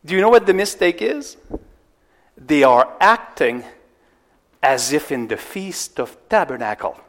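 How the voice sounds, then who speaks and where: A man preaching an expository sermon, asking his congregation questions and swinging between loud emphasis and hushed asides. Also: on the high side, lively intonation, measured pace. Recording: long hall reverb.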